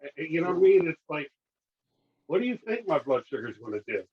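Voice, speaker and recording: A man with a husky, slightly raised voice tells his story in a casual podcast chat. He gets animated and acts out the dialogue with doctors and nurses. The audio sounds dull and lo-fi, like a remote call. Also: a little high, quick pace. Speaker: guest.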